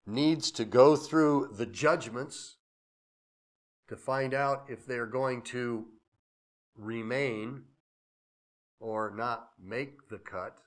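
A man preaching a sermon, swinging from emphatic declarations to hushed, reverent asides, with conversational anecdotes. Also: mid-range voice. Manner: conversational, with chuckles and acted-out anecdotes. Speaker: pastor.

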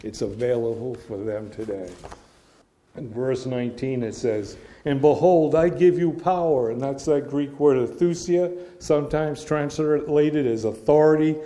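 A middle-aged man giving an informal Bible teaching, reading verses aloud and explaining them in a relaxed, storytelling way. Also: mid-range voice. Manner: reads scripture aloud then explains it in a casual, storytelling way.

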